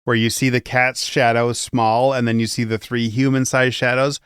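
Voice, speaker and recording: Smooth clear-voiced guy, calm and agreeable, dry close mic. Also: medium pitch, moderate pace, no room sound. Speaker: podcast co-host. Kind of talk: casual chat.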